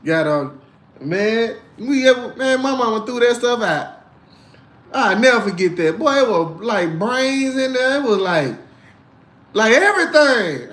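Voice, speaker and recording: High-voiced man telling animated stories. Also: unhurried, roomy sound. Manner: animated storytelling, acts out voices, laughs often. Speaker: livestream host reading chat. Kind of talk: casual livestream chat.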